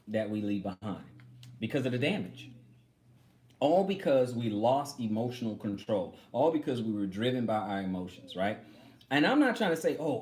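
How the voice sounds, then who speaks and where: A man's voice: medium pitch, darkish tone. A man giving an informal Bible teaching to other men, talking conversationally, repeating himself and demonstrating with a prop. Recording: echoey room with faint ambience.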